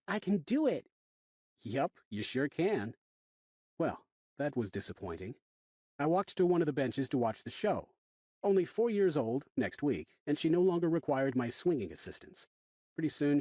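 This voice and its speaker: A man narrating a thriller audiobook in the first person, wry and expressive. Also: mid-range voice, dry recording.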